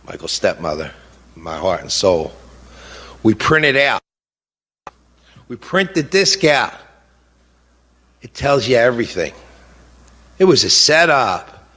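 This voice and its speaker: A middle-aged man speaking as a grieving father in an impassioned speech, halting with fillers at times and indignant at others. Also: medium pitch, big pitch swings, sharp tone, husky. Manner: indignant, rising to heated outbursts. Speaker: grieving father giving a talk.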